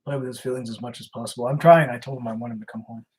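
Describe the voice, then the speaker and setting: A man's voice: mid-range voice, fairly even intonation, very fast, darkish tone, breathy edge, low-quality recording. A man hosting a casual live stream, reading messages aloud, chuckling and answering viewers as he goes. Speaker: livestream host baiting scammers.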